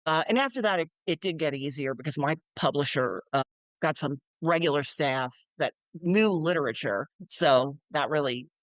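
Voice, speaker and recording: A woman's voice: deep voice, moderate pace, dry recording. An older woman, an author being interviewed, chatting animatedly and acting out quoted voices with frequent laughs. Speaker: author and guest. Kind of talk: casual interview chat.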